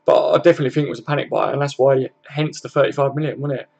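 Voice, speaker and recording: Gravelly man hosting a late-night fan stream. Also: medium pitch, fairly even intonation, very fast, a little mellow, dull audio. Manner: laid-back, swears freely, chuckles often. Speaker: football fan live-stream host. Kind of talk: casual live-stream chat, reading comments aloud.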